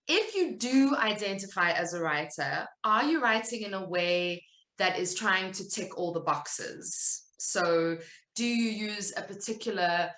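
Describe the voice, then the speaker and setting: A woman's voice: medium pitch, pushed and bright, reverberant. A woman with a South African accent, giving an earnest, conversational talk to an online audience over a video call, often restarting her sentences. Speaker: speaker at a virtual event.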